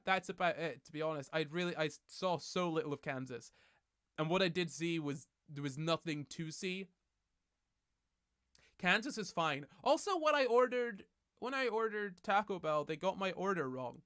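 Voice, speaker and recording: Young male streamer, casual and chatty, with a crisp, bright tone. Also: high voice, no echo, studio quality. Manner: rambling, chatty, self-correcting with light laughs. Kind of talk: casual livestream chat. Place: at his desk at home. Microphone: desk microphone.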